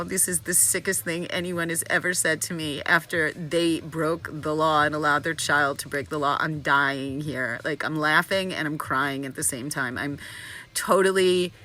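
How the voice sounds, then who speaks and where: Bright-voiced rambling woman vlogger. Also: sits low, moderate pace. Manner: excitable, rambling, restarts a lot. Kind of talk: casual daily vlog. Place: her apartment in Tel Aviv.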